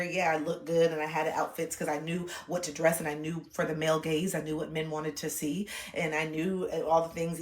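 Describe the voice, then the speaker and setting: A woman streamer telling personal stories frankly, swearing, dropping to hushed reflection and then bursting into loud laughing re-enactments. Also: sits low. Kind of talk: candid personal storytelling. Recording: echoey room.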